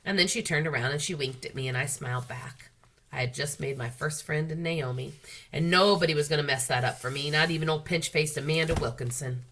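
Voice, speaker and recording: A school librarian reading a children's novel aloud, her storytelling expressive and unhurried. Her voice is low-pitched for a woman but bright and forceful. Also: a little hiss or hum. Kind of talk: children's book read-aloud.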